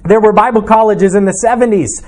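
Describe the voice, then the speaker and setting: A man's voice: high-pitched, brisk, a little mellow. A man, a pastor, preaching a sermon in an earnest, reflective way, asking his listeners questions.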